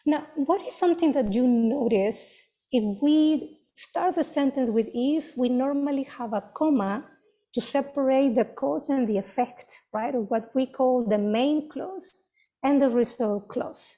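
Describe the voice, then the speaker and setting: A woman's voice: sits high, a little slow, warm tone. Encouraging teacher woman on a video call. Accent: Mexican Spanish. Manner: encouraging, checks with "right?" and "okay?". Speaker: English teacher. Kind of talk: online class teaching.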